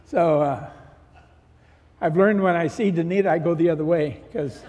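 A man's voice: fairly high pitch, moderate pace, pauses often, darkish tone, big-room sound. A middle-aged man preaching, telling a personal story in a conversational way and acting out the dialogue he retells. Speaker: pastor. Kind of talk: sermon testimony.

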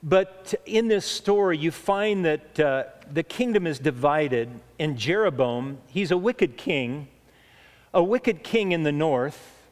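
Emphatic preacher in an echoey hall. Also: male voice, fairly high pitch. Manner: earnest, emphatic, slows down for key points. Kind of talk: sermon.

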